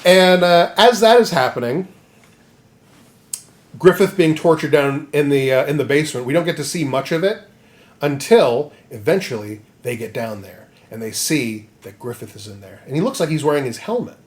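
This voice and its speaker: Profane, rambling comedy podcast host. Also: male voice, a little high, animated, normal speed. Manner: rambling, profane, acts out the characters. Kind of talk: comedic story recap.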